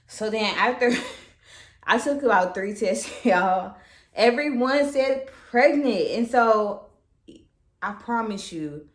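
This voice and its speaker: A woman's voice: mid-range voice, reverberant. A pregnant woman in casual storytime chat at home, retelling things dramatically with slang and swearing. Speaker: vlogger telling her own story. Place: her apartment.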